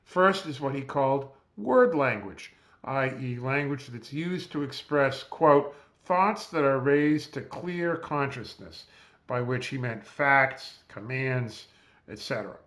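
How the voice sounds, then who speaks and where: Male doctor lecturer, medium pitch, measured and explanatory, spells out terms, close mic. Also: a bit bright. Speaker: physician lecturer. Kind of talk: recorded lecture over slides. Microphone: close mic, seated.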